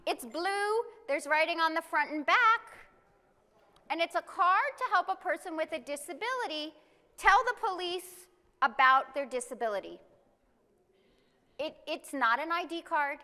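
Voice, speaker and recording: A woman giving a live presentation to an audience, explaining things step by step and reading example statements aloud slowly. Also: high-pitched, sharp tone, long reverb tail. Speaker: conference presenter. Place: conference room.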